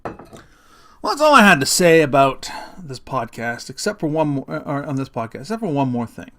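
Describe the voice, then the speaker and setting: A middle-aged man hosts his own comedic rant podcast, blunt and heavy on profanity. His voice sits high for a man, and he often laughs at his own jokes. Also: sing-song, moderate pace, fairly bright tone. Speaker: podcast host.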